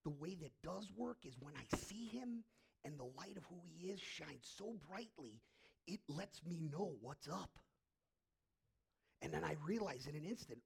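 Man, pastor, sermon, raspy gravelly tone, lively swooping pitch, whispers then shouts. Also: moderate pace. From Irish heritage. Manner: swings from hushed whispers to loud emphatic bursts. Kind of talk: sermon and prayer.

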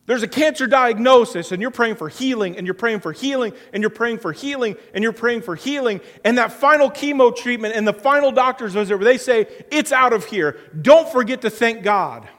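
A man's voice: very high-pitched, a little fast, few pauses, a bit bright. A man preaching a sermon as pastor, earnest, with a repetitive preaching cadence. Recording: long hall reverb.

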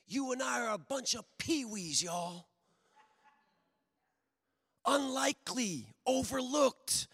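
A man preaching a sermon to his congregation, swinging from booming emphasis to hushed intimacy. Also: creaky. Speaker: pastor. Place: church sanctuary. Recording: long hall reverb.

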